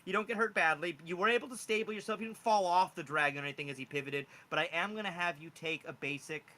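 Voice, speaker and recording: A man's voice: high-pitched, fast talker, sharp tone. A man narrating as game master in a casual, rambling way with many fillers.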